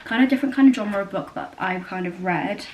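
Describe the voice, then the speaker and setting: A woman's voice: mid-range voice, fairly quick, muffled recording, a little hiss or hum. A young woman chatting casually at home, rambling with lots of fillers and self-corrections. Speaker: book vlogger. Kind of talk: casual chat. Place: new house, indoors.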